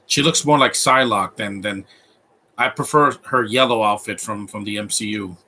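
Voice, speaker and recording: A man's voice: lowish voice, moderate pace, bright, forceful tone, husky. A man in his thirties giving live movie commentary, opinionated and rambling, often restarting his sentences.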